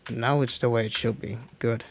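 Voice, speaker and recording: A man talks his way through a game stream in a loose, rambling way. He trails off, restarts sentences and mutters to himself while he plays, at a middling pitch. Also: fairly even intonation, normal speed. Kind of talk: casual gameplay commentary.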